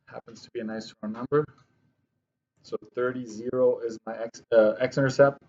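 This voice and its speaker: A man's voice: mid-range voice, fairly even intonation, moderate pace, dark tone, dull audio, a little hiss or hum. A man teaching a math lesson, explaining his work step by step to his students and correcting himself as he writes. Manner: talks to students while writing, with self-corrections. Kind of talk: classroom lesson walkthrough.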